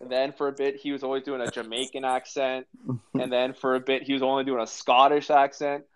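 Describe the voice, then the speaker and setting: A man, a teacher, telling a story in relaxed, amused casual chat. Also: mid-range voice, a little fast, clear, resonant tone, dry recording. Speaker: teacher and podcast co-host. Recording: dull lo-fi dry sound.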